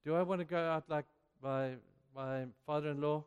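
A man's voice: fairly high pitch, moderate pace, clear, resonant tone, dull audio. An older man preaching a sermon, telling stories and acting out the dialogue with growing energy. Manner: animated, acts out dialogue in a rising voice. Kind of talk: sermon storytelling. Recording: long hall reverb.

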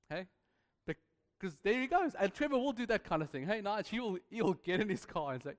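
High-voiced preacher in a hall. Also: male voice, animated, brisk. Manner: emphatic, playful, repeats refrains. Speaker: pastor. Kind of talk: sermon. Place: church hall.

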